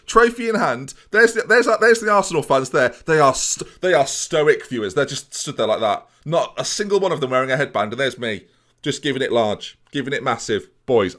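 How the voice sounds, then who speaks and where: A young man commentating on his own football management game, excitable and talking to his viewers. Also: a little high. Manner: excitable, mock-commentator, addresses viewers constantly. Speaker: gaming YouTuber.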